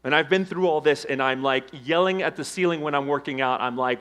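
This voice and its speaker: A man in middle age delivers a motivational keynote to a live audience. His voice sits fairly high, and he shifts sharply between loud emphatic lines and quiet, low ones. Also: brisk, hardly any pauses, smooth. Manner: dramatic swings from loud emphasis to hushed low tones. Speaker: keynote speaker. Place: conference stage before a live audience.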